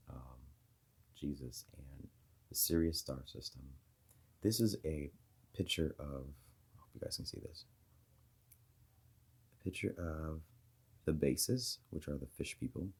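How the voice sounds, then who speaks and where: A man with an extremely low, husky voice talks straight to his viewers in a loose monologue. His tone is dark and mellow, and he wanders from thought to thought, pausing on fillers and restarting sentences. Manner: rambling, speculative, many fillers and restarts. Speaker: video host. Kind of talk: casual monologue to camera.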